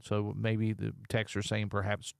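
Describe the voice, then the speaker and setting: A man's voice: lowish voice, completely flat delivery, measured pace, creaky, clear, resonant tone, dry recording. A man hosting a casual call-in radio show from a studio, joking and reading listener texts aloud. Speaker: radio talk show host. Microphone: studio microphone.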